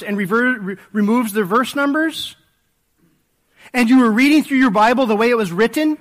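A man with a high voice delivers a sermon in a relaxed, conversational manner. He speaks with many fillers and restarts, like a pastor thinking aloud before his congregation. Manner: conversational preaching with frequent fillers, dropping to a soft hush in prayer.

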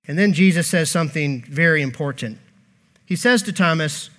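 A male pastor preaching a sermon in an emphatic, animated way, with joking asides. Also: a little high, normal speed.

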